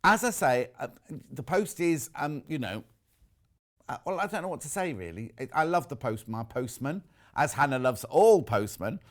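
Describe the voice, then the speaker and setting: Here a man with a British accent presents live TV sales chat on a shopping channel, talking casually and reading viewer messages aloud. He speaks at a moderate pace in an expressive, mid-range voice.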